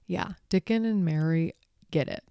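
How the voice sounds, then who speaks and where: A woman talking casually about a book in a chatty, expressive way, with frequent asides. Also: lowish voice, measured pace, vocal fry, clean tone, dry recording, studio quality. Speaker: vlogger.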